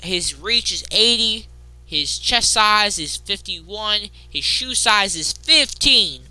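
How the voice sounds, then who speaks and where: A woman hosting a casual wrestling recap, excitable, jumping between loud outbursts and muttered asides. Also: mid-range voice, slow pace, no echo.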